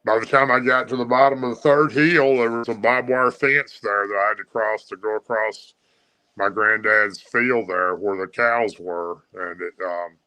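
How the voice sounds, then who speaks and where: A man's voice: lowish voice, steady tone, moderate pace, sharp tone, smooth, no echo, low-quality recording. A man with a Southern US accent, a guest telling a long story with many fillers and restarts. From Tennessee.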